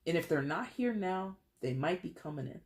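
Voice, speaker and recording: Excitable tarot reader, direct to the viewer, casual with restarts. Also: mid-range voice, moderate pace. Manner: excitable, addresses viewer directly, repeats words.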